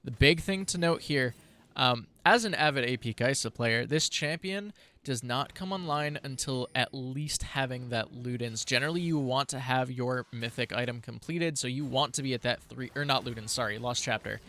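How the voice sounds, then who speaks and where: Bright, forceful male play-by-play caster, rapid running calls. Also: medium pitch. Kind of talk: live esports play-by-play.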